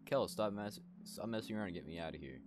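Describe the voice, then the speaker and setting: A man's voice: fairly low pitch, fast talker, noisy background, pitched above the performer's own voice, close to an everyday voice. A man voicing a bossy, pouting young girl in a video game, whining and demanding help. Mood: whiny. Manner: whiny, demanding. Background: game soundtrack.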